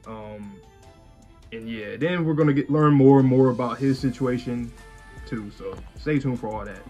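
A man's voice: mid-range voice, normal speed, dark tone, muffled recording, faint music behind. A man co-hosting an anime reaction show, talking in a loose, rambling way with lots of fillers. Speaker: co-host of an anime reaction channel. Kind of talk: casual chat.

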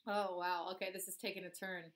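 A woman's voice: lowish voice, level tone, fast. A woman dancer and vlogger with a cold, chatting casually to her viewers as she reacts to a music video. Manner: chatty, talks straight to viewers as "guys". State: has a cold.

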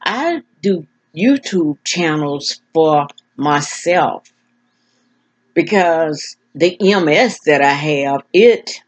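In a muffled lo-fi recording, an older vlogger speaks candidly and plainly to camera about personal matters. Her voice is low with lively intonation and drawn-out words, and she labors over her speech, tripping and repeating as she gropes for the right word.

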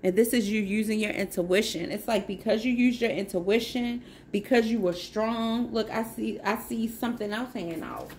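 A woman's voice: a little high, normal speed, few pauses, a little mellow, slight background noise. Effusive, encouraging woman tarot reader. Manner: effusive, encouraging, repeats herself for emphasis. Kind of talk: casual spiritual tarot reading.

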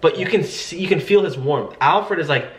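A man's voice: a little high, normal speed, roomy sound. A man coaching sales agents in a casual way, acting out friendly phone greetings. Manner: acts out upbeat phone greetings. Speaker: sales trainer.

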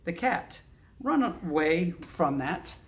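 A man's voice: a little high, big pitch swings, takes it slowly. A man voicing a defensive dog denying blame, in a plain storybook reading voice.

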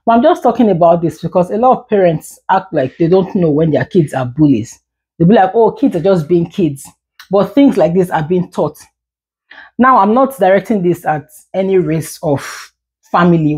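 A woman's voice: lowish voice, animated, moderate pace, warm tone. Frustrated mother ranting to camera. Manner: frustrated, emphatic, repeats words when heated. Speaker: parent vlogger. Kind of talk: candid talking-head rant.

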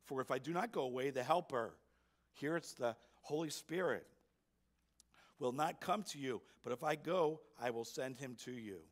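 A man's voice: mid-range voice, normal speed. A man preaching a sermon as pastor, emphatic and asking his congregation rhetorical questions. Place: church sanctuary.

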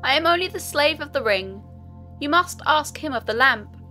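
A woman's voice: high-pitched, expressive, moderate pace, bright, forceful tone, faint music behind, voice pushed up. A woman voicing a humble genie of the ring, a dutiful servant spirit, in a formal way.

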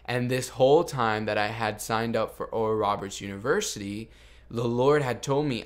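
A man's voice: medium pitch, moderate pace. A young man hosting a podcast, telling a personal story in an earnest, confessional way with lots of "like". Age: young adult. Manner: earnest and confessional, heavy use of "like". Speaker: podcast host. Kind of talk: casual storytelling.

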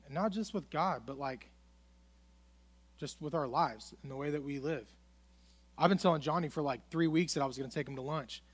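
A young male pastor with a fairly high voice gives a loose, conversational sermon. He reads scripture aloud and acts out the lines of the story, talking to his listeners like friends. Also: moderate pace, long pauses, breathy edge. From United States. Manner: casual, conversational preaching, dramatizes Bible dialogue. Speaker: student pastor.

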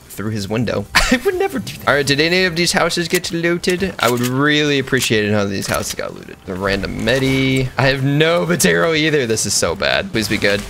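A young man giving goofy, excitable commentary over his own gameplay, joking along and breaking into sudden high yelps. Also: creaky, a little hiss or hum. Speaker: gaming streamer. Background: background music.

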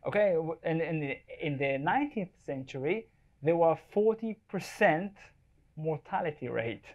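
A man's slightly high, expressive voice moves at an unhurried pace, with the highs cut off. He is a wildlife photographer giving a talk to a live audience in an event space, chatty and jokey, repeatedly asking the room whether they follow.

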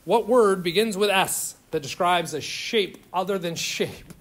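A man's voice: high-pitched, measured pace, a bit bright. A man lecturing a chemistry class in an informal, joking way, firing questions at his students. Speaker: chemistry instructor.

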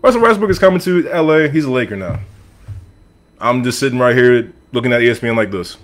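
A man's voice: mid-range voice, fast talker. Opinionated male sports podcast host. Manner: animated, opinionated, talks straight to the audience. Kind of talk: casual sports talk monologue. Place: room with a team flag on the wall.

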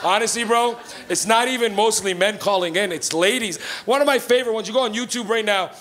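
A man's voice: high-pitched, a little fast, fairly bright tone, a little hiss or hum. A Canadian man in his thirties doing stand-up on a club stage, telling stories full of swearing and laughing at his own jokes. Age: 30s. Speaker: stand-up comedian. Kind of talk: stand-up comedy set. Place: comedy club stage, live audience.

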